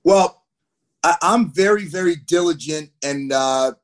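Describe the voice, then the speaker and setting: Man, thirties, podcast guest, animated storyteller, slightly high voice. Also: unhurried. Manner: animated, acts out quotes. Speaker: guest hockey player.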